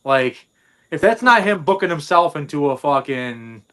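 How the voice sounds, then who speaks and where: A man on a casual wrestling talk show who states his opinions flatly and bluntly. His voice sits a little above the usual male pitch. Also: normal speed, clean tone. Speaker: co-host. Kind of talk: casual podcast banter.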